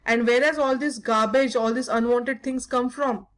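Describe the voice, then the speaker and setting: A woman's voice: fairly high pitch, steady tone, normal speed, close to an everyday voice. A woman reading the lines of a worried, tearful mother who exclaims anxiously. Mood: shocked.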